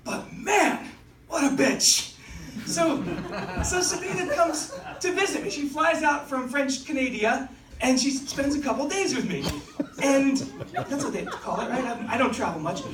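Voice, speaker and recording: A man's voice: very high-pitched, animated, unhurried, far from the mic, a crowd in the background. A man doing stand-up comedy at an open mic in a small comedy club, with chatty, self-deprecating storytelling. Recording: roomy club, mic heard from afar. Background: small audience laughing.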